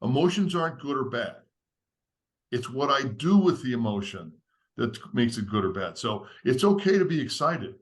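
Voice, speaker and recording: A man's voice: mid-range voice, very animated, moderate pace. A man, a podcast guest, earnestly walking through a step-by-step framework in a teacherly, structured way. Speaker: podcast guest, leadership author. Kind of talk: explaining a framework in conversation.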